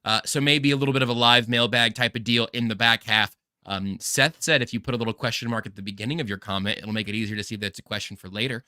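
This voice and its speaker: Bright, dry-sounding podcast host. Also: male voice, mid-range voice, steady tone, fast, smooth, dry recording. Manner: rambling, joking, self-deprecating. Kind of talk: casual sports podcast chat.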